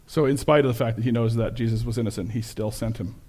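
A man preaching a sermon with slides, conversational and self-correcting, turning animated when he quotes people. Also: medium pitch, quick pace. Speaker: pastor.

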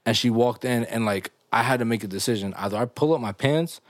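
A young man hosting a podcast, telling stories in a loose, animated way full of slang and laughs. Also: mid-range voice, fairly quick, dry recording, clean studio sound. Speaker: podcast host. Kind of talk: casual podcast chat.

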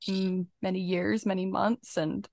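A young woman hosts a casual conversation among friends. She retells scenes in a lively, animated way and laughs easily. Her voice sits at a middle pitch in a dry, close recording. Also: a little slow, vocal fry, no echo. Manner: animated storytelling, acting out quotes with frequent laughter. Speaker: podcast host. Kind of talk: casual chat.

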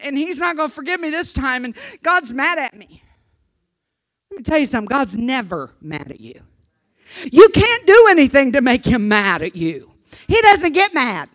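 An older woman preaching a sermon, swinging from fervent shouted exhortation to soft, confiding asides, often stumbling over repeated words. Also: sits high.

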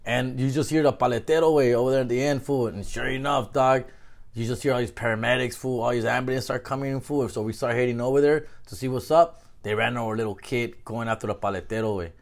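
A man's voice: medium pitch, steady tone, fast talker, vocal fry. A man, talking casually as a podcast guest, full of slang and swearing and mixing in Spanish words. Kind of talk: casual chat.

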